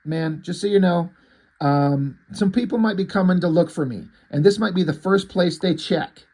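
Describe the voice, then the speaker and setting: A man reading the lines of a weary, gruff comic-book loner in his own husky voice. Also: sits high, normal speed, darkish tone, pitched above the performer's own voice. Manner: blunt, terse.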